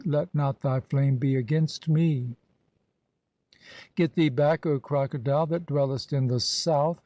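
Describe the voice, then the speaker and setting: A male audiobook reader delivers old scripture in a measured, solemn cadence. His voice sits a little high yet sounds mellow and dark. The recording is dry, with no room around it. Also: no echo. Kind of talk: scripted narration of an ancient religious text.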